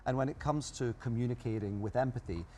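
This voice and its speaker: A man's voice: medium pitch, fast, darkish tone, slight background noise. A man being interviewed as an expert, explaining ideas emphatically and listing his points one by one. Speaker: guest expert. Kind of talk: interview answers.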